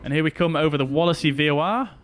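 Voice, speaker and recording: A man talks fast in a slightly high voice while streaming a flight simulator. He keeps up casual, chatty commentary with his viewers as he flies.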